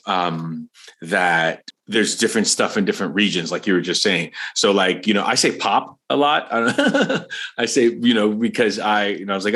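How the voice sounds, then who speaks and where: Chatty, bright-voiced podcast host man. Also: low voice. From Florida, USA. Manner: animated, chatty, laughs often. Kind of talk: podcast interview.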